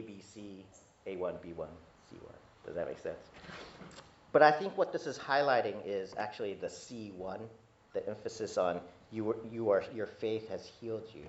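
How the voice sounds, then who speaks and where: A man preaching a sermon as pastor, teaching in a conversational way with asides and restarts, pitch climbing when he grows emphatic. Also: a little hiss or hum. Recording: echoey hall, dull lo-fi sound.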